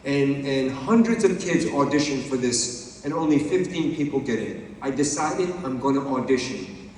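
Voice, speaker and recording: Animated comedian in an echoing hall. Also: male voice, mid-range voice, normal speed, a little hiss or hum. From Iran. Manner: animated storytelling, bursts of sung and shouted bits. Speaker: stand-up comedian. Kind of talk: live stand-up comedy. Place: theatre stage. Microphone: handheld mic. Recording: echoey hall from far off.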